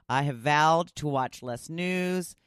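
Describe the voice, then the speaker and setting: A woman's voice: low voice, drawn-out words, smooth, no echo, studio quality. A middle-aged woman hosting her own podcast, talking in a chatty, goofy way and laughing between thoughts. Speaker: podcast host. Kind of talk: casual solo podcast monologue.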